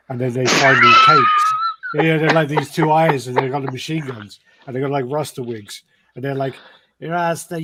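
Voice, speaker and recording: A man's voice: medium pitch, darkish tone, a little hiss or hum. A man co-hosting a collectibles podcast, telling long rambling stories in casual chat and swearing freely. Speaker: podcast co-host.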